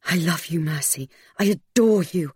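A woman doing a desperate older gentleman. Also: fairly low pitch, normal speed, slightly rough, dry recording, clean studio sound. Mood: desperate urgent. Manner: urgent, groaning, intense. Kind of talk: audiobook character voice.

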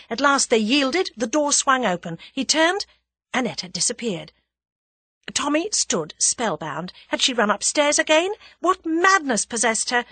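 Expressive, slightly husky female narrator. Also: mid-range voice, no echo. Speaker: audiobook narrator. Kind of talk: scripted narration.

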